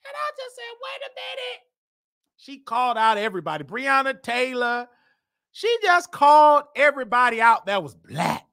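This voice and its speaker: A woman hosting a talk show, delivering fiery, preachy commentary and often shouting. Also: a little high, wildly swooping pitch, moderate pace, creaky, no room sound, clean studio sound. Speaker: host. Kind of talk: ranting commentary.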